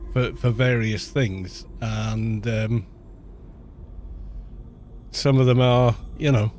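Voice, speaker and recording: A man's voice: mid-range voice, a little hiss or hum. A man with a North Welsh accent, a streamer chatting casually and rambling with frequent restarts. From North Wales. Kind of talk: casual chat.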